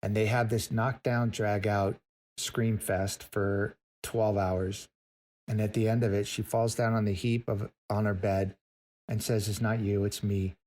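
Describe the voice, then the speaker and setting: A man's voice: on the low side, little pitch movement, unhurried, a little mellow. A middle-aged man, a guest author, telling a moving story in conversation, earnest and repeating words for emphasis.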